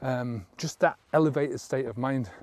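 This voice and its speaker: A man's medium-pitched, darkish voice moves at normal speed in this motivational piece to camera. As a sobriety coach, he's frank and sincere about quitting drinking, swears casually, and keeps checking in with "right?"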